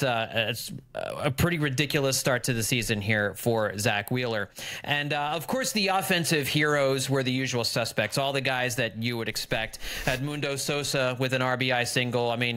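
Middle-aged guy cohosting a sports pod, bright voice, reads off stats, chuckles a lot. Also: mid-range voice, smooth. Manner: rattles off stats, chuckles often. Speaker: podcast co-host. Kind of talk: casual sports podcast chat.

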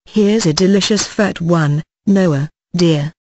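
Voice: mid-range voice, slow, a little mellow, dry recording, natural voice. A reader voicing a doting young serving woman who coaxes and fusses fondly. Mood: coaxing. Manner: coaxing, fond.

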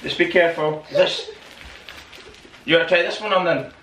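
A man's voice: on the high side, moderate pace, a bit bright. A man hosting an unboxing vlog, chatty and full of exclamations. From Northern Ireland. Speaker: channel host. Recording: echoey room, mic at a distance, noisy.

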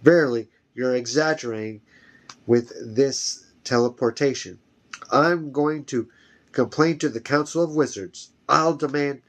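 A man voicing a haughty, portly male court chamberlain in a story reading, with a high, fussy, indignant manner. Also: unhurried, fairly bright tone.

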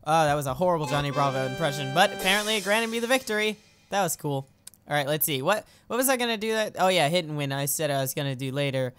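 A young woman commentating on a video game, excitable and giggly, yelping and shouting at what happens on screen. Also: sits low, quick pace, soft background music. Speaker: let's play host.

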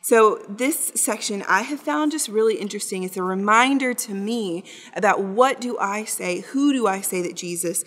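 A woman's voice: medium pitch, moderate pace, few pauses, fairly bright tone. A woman teaching a Bible study in a conversational, explanatory way, with emphatic readings. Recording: long hall reverb.

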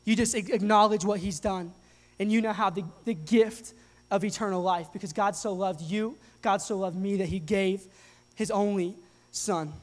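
A young adult man preaching a sermon to his congregation, earnest and animated, often restarting his sentences. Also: high voice. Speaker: pastor. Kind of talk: sermon with live demonstration. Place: church hall with live audience. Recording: long hall reverb.

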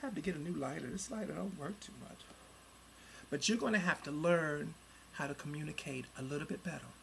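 Cursing heavily, a vlogger in their forties rants angrily into a home computer mic at a fairly quick pace. The gravelly, creaky voice lurches from heated shouting to low grumbling asides, with faint noise underneath.

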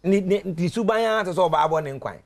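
A man speaks in a somewhat high, gravelly voice with plenty of fry. He tells animated stories on a talk show panel and breaks into laughter often. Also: brisk.

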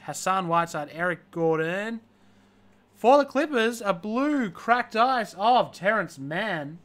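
A man's voice: high voice, pushed and bright. A man hosting a live card-breaking stream, listing player names one after another and dropping joking asides.

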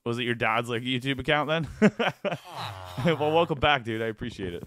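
A man's voice: medium pitch, normal speed, a bit bright. A man live-streaming a video game, chatting casually and playfully with his viewers. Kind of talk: live gaming stream chat.

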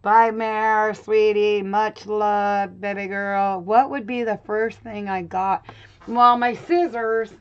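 A woman's voice: mid-range voice, steady tone, takes it slowly, clean tone. Middle-aged woman, craft room host, loose rambling chat, dull home recording. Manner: chatty, laughs often, talks to viewers by name. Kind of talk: casual chat with live viewers.

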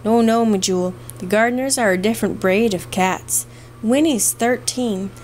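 A woman's voice: fairly high pitch, moderate pace, a little mellow, slight background noise, lightly acted, poor audio. A woman voicing a fond, scolding old housekeeper with an Irish brogue, read in a storybook. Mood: coaxing.

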